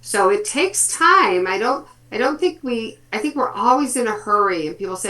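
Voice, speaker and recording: Brief: woman in her fifties, therapist, chatty and animated in a web chat. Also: on the high side, moderate pace. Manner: lively storytelling, quotes kids and family. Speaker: speech and language therapist.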